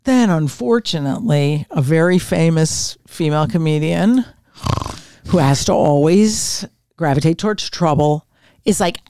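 A woman in her sixties, a retired comedian and podcast guest, telling stories in a brash, profane, animated way. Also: low voice, measured pace, dry recording. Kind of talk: casual storytelling. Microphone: podcast mic on camera.

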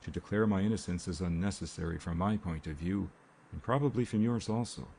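A man voicing a composed young man calmly defending himself in an audiobook, measured and polite. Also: sits low, vocal fry, a little hiss or hum. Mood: earnest. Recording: faint rain ambience behind.

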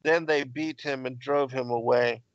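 A man's voice: medium pitch, fairly even intonation, measured pace, no room sound, muffled recording. Man reading an ancient text aloud. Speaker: reader of ancient texts. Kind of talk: scripted narration of an ancient text.

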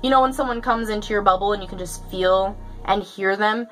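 A woman's voice: mid-range voice, brisk, a bit bright, soft background music, poor audio. A young woman chatting through a story for her vlog, casual and profane, full of fillers. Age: young adult. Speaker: vlogger.

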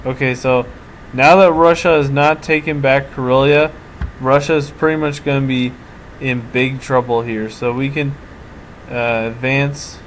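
A man's voice: medium pitch, steady tone, a little slow, poor audio. Man musing over a strategy game. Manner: thinking aloud, hesitant with restarts. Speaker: let's play commentator. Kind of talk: casual strategy game commentary. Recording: audible background noise.

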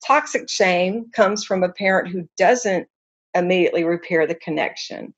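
A woman's voice: fairly low pitch, normal speed, dull audio. A woman counselor, a guest, explaining in an earnest, conversational way and telling examples with animation.

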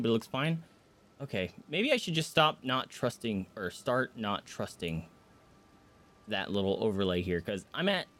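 A man streaming a video game live, rambling through his play and breaking into startled yelps and shouts when enemies surprise him. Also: medium pitch. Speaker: gaming streamer. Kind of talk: live gameplay commentary.

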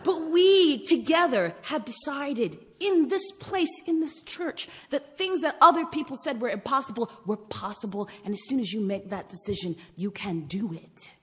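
A woman in her forties telling personal stories in a sermon, swinging between hushed whispers and loud exclamations. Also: fairly high pitch, lively intonation, normal speed, few pauses, big-room sound. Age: 40s. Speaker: guest preacher and storyteller. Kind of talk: storytelling sermon. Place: church sanctuary.

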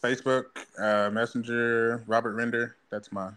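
Man, live-stream guest, mid pitch, short quiet answers, distant call audio. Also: flat delivery, moderate pace, slight background noise. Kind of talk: casual chat.

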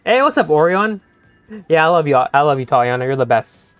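Young-adult streamer, live gaming chat, playful and teasing, mid-pitched voice, dry close sound. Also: expressive, a little fast, clear, resonant tone, no echo, soft background music. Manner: playful, teasing, talks straight to chat, laughs often. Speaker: game streamer.

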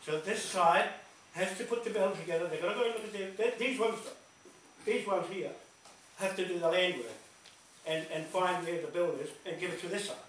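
A man whose voice sits high and a bit bright speaks a little fast, telling animated stories at a community meeting in a large hall. He hammers points home through repetition and laughs between them, recorded from a distance in an echoey room with faint noise.

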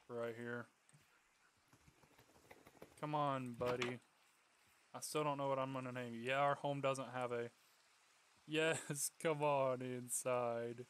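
A young man giving casual gameplay commentary, coaxing and pleading with his in-game pet, then bursting into excited yells. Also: mid-range voice, background noise. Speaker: gaming YouTuber.

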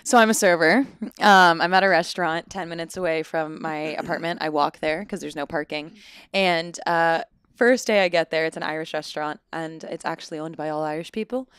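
A woman's voice: low voice, a little fast, fairly bright tone, smooth, no room sound, clean studio sound. A young adult woman, a podcast guest, chatting casually and playfully, laughing often. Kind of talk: casual chat.

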